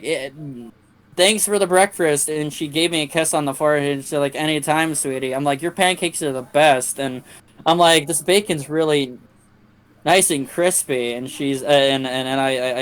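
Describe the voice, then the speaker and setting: A young man on a game stream tells a long anecdote, full of profanity and restarts. His voice sits a little higher than most men's. He talks loosely and crudely, doubling back on his words as he goes. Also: fairly even intonation, normal speed, a bit bright, smooth. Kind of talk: casual storytelling on a game stream.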